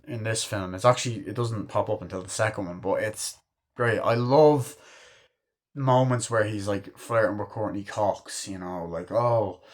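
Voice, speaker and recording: A man in his twenties reviewing a movie in a casual, rambling way, full of filler words and casual cursing. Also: lowish voice. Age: 20s.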